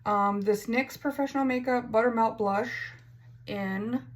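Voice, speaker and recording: A woman's voice: fairly high pitch, unhurried. A woman beauty vlogger chatting casually through a makeup tutorial, self-mocking and stumbling over words now and then.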